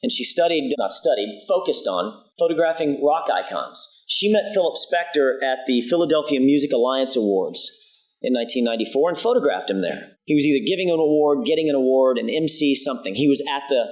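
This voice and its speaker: A man speaks as a prosecutor addressing a jury in a courtroom. His pitch sits in the middle of the range, and he tells the story in a measured, emphatic way, slipping into quoted lines as he goes. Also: lively intonation, a little mellow, poor audio. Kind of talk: courtroom opening statement.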